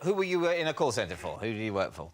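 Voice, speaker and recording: Wry joking guy on a tv panel show, animated voice, noisy studio. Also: on the low side, quick pace. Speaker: team captain on a panel show. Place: TV studio with an audience. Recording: loud studio noise.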